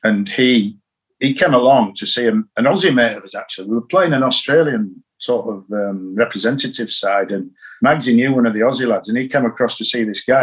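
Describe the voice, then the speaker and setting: An older man tells a coaching story in an interview. He talks in an animated, anecdotal way and acts out the lines he quotes. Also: lowish voice, breathy edge. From England. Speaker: cricket coach.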